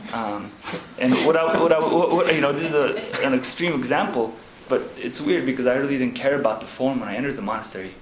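A man, a Zen monk, talking casually about monastery life, halting with fillers and laughing as he tells stories. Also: mid-range voice, over a noisy crowd. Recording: echoey room with background noise.

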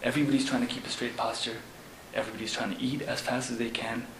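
A man's voice: medium pitch, flat delivery, fairly bright tone. Monk guy chatting, lots of ums, laughs mid-story, roomy echo and noisy background. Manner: halting, many fillers, laughs while telling stories. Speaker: Zen monk. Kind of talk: casual talk about monastery life. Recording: echoey room with background noise.

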